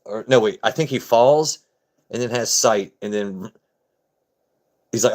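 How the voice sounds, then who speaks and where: A man's voice: medium pitch, moderate pace, long pauses. A man hosting a casual livestream, joking and chatting with viewers by name in a laid-back way. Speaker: livestream host. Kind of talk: casual chat with live chat viewers.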